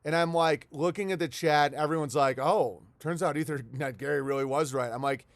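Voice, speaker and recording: A man's voice: a little high, moderate pace, hardly any pauses, no echo. A man hosting a casual livestream from home, rambling and swearing as he talks to his chat and reads viewer letters aloud. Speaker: livestream host. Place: at home in the countryside.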